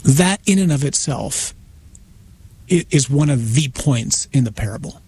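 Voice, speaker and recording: A man, a priest guest on a radio interview, retelling a story in a conversational, animated way. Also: mid-range voice, measured pace, breathy edge. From United States. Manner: conversational, acts out voices in his retelling, frequent restarts.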